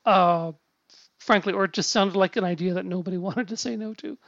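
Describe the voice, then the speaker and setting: Halting man in a lo-fi recording. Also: sits high, vocal fry, fairly bright tone, no room sound. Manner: halting, many restarts and fillers, swears casually. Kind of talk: casual film discussion. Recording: dull lo-fi sound.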